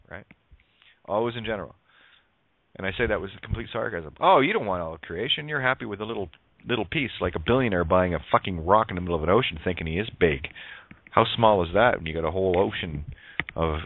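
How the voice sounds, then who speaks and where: Male radio host, preachy and sarcastic, swears, animated voice on a dry phone line. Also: medium pitch, dry recording. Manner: emphatic, sarcastic, preachy, swears, plays on words. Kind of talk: spiritual monologue on a talk radio show.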